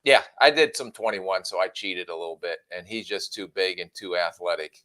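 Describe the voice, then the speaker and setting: A man with a very low voice, co-hosting a sports podcast and weighing in with measured, plain-spoken takes. The audio is dry and close, with no room sound. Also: bright, forceful tone, no room sound. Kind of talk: casual sports podcast chat.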